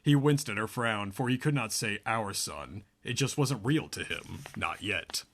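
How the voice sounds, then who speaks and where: A man narrating a novel aloud in a steady, even way. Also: mid-range voice, normal speed, a little hiss or hum. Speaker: audiobook narrator. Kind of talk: scripted narration.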